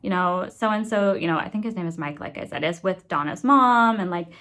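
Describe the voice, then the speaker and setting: A woman's voice: on the low side, brisk. Exasperated chatty woman reviewing books. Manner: animated, exasperated, lots of fillers and asides. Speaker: book reviewer. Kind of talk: casual chatty book review vlog.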